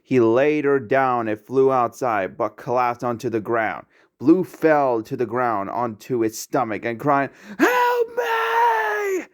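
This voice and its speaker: A man reading a fan-made animal story aloud in a plain, steady way. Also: mid-range voice, unhurried, hardly any pauses, clear, resonant tone. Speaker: narrator.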